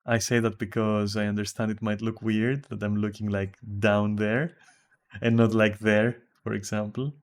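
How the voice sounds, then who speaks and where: A man's voice: on the low side, little pitch movement, moderate pace. A man with a Greek accent chatting casually with viewers while streaming a game from home, rambling and swearing casually. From Greece.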